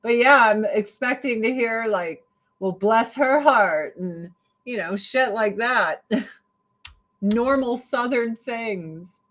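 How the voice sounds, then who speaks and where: A woman's voice: on the high side, takes it slowly, a bit bright, poor audio. A woman hosting a casual commentary stream, ranting sarcastically and swearing freely. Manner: sarcastic, profane, exasperated.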